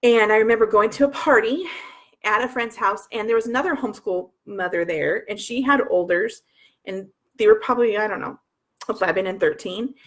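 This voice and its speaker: A woman's voice: medium pitch, brisk. A woman in her thirties, a homeschooling mother telling her story in a rambling way, full of restarts and asides. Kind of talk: personal storytelling.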